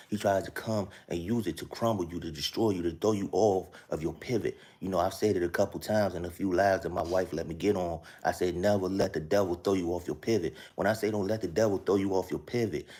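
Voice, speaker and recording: Deep, husky male live-stream host, earnest casual preaching, repeats and calls on the audience. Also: mellow. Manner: earnest, repetitive, keeps asking viewers to follow along. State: talking softly at times so his sleeping kids stay asleep. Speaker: live-stream host sharing a spiritual message.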